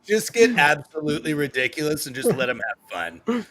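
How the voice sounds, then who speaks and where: A man's voice: a little high, sing-song, brisk, crowd noise. A man on a casual comedy panel who rambles, swears freely and trails off into fillers.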